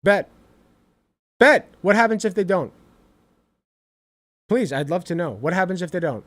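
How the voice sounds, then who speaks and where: A man streaming reaction commentary, ranting in an animated, exasperated way with lots of swearing. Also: high-pitched, measured pace.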